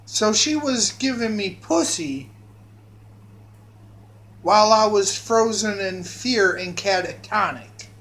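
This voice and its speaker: A man's voice: high voice, animated, takes it slowly, pauses often, fairly bright tone. A man telling a long rambling story in a monologue, often restarting and repeating his phrases.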